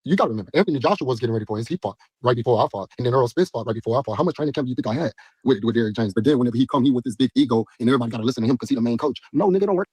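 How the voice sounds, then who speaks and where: A man, a boxer in an interview, venting about his coach in a heated, rapid way. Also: medium pitch, expressive, darkish tone, breathy edge, dry recording. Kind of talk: interview clip.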